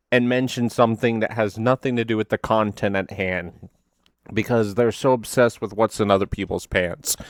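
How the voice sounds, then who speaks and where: Low-voiced man doing sarcastic rambling commentary. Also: no echo, studio quality. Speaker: reaction video host. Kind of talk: casual reaction commentary.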